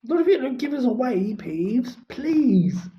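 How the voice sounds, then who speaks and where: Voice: medium pitch, very animated, a little slow, voice pushed up. A reader voicing an anxious young schoolboy wizard, pleading and breathless. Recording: dull lo-fi recording.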